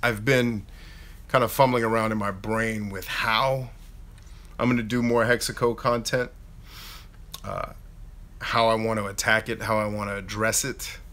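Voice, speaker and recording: A man in his thirties hosting a casual live Q&A, chatting in an animated way and reading out viewer questions. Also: fairly low pitch, measured pace, pauses often. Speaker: YouTube host answering live chat.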